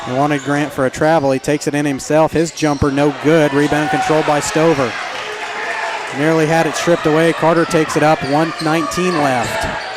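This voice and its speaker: A man with a slightly high voice calls a basketball game play by play, excitable and quick to react. A loud gym crowd and constant noise fill the background of the broadcast. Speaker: play-by-play announcer. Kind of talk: live basketball commentary. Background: basketball crowd and bouncing balls.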